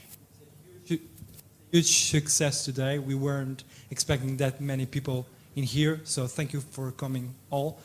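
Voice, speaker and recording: A man's voice: mid-range voice, level tone, unhurried, a little hiss or hum. A man, an audience member asking a question, polite and hesitant. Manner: polite, hesitant, many fillers.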